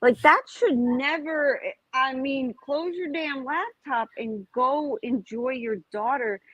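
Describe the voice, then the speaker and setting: A woman's voice: high-pitched, slow pace, fairly bright tone, dry recording, highs cut off. A middle-aged woman speaking emphatically and indignantly in a casual chat.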